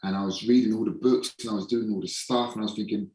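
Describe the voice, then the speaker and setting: A man with a low voice tells his story in a casual podcast interview, frank and sometimes swearing, slowing down to stress points. His voice sits somewhat back from the microphone in an echoey room. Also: fairly even intonation, distant mic, a crowd in the background. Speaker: podcast guest, holistic performance coach.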